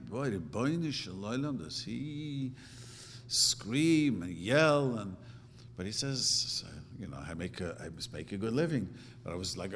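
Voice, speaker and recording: A middle-aged man giving an earnest, repetitive religious teaching, with sudden jumps in pitch. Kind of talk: Torah class sermon. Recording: roomy hall reverb, faint noise.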